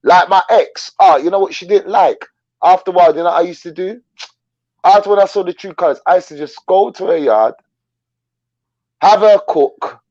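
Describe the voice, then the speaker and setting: Blunt guy spinning stories in slang, kinda high voice, dull dry sound. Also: moderate pace, darkish tone, no echo. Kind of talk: casual live chat.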